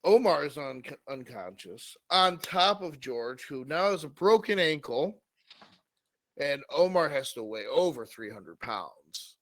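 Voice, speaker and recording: A man's voice: on the high side, lively intonation, unhurried, a bit bright, dry recording. A man co-hosting a comedy podcast, improvising a crude story with plenty of swearing. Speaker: co-host.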